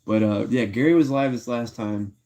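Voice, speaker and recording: A man's voice: medium pitch, normal speed, mellow. A man chatting casually on a livestream, slangy and laid-back, talking to his chat. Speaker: live streamer.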